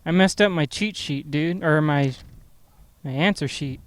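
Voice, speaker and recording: A man's voice: on the high side, measured pace, dry recording. A young man chatting casually outdoors on a rooftop, teasing and swearing easily. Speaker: co-host running the guessing game. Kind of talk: casual banter.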